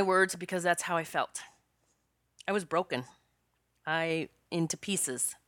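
A woman's voice: fairly low pitch, unhurried, pauses often, fairly bright tone, no room sound, clean studio sound. A woman hosting her own podcast as a spiritual coach, telling a personal story in a chatty, rambling way with many restarts and laughs. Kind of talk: casual solo podcast storytelling.

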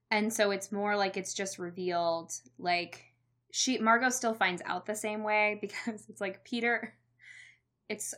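Young woman, casual chat, animated storyteller, acts out quotes, frequent laughs. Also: medium pitch. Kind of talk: casual chat recapping a movie.

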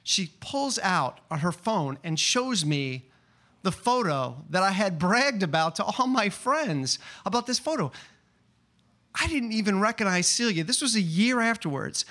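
A man telling a personal story at a live open-mic event, chatty and excitable, full of fillers and restarts. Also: high voice, measured pace.

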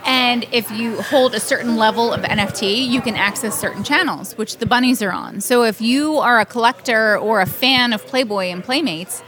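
A woman's voice: on the high side, normal speed, hardly any pauses, fairly bright tone. A woman on a podcast panel who runs the social media, chatting in an upbeat, promotional way. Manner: upbeat, promotional, gives instructions. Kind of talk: casual chat.

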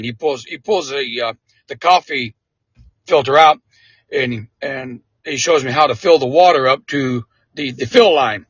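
A man, a military veteran, telling a casual anecdote in an interview, animated and chuckling often. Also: medium pitch, measured pace, slightly rough, dry recording.

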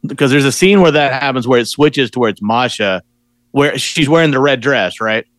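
A man's voice: mid-range voice, normal speed, a bit bright, no room sound. A man co-hosting a casual podcast, chiming in with hesitant, filler-heavy remarks and checking plot details. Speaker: podcast co-host. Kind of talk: casual chat.

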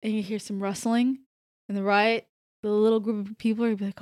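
A woman's voice: mid-range voice, level tone, fast, darkish tone. A woman co-hosting a casual podcast chat, teasing, laughing often and swearing. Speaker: podcast co-host.

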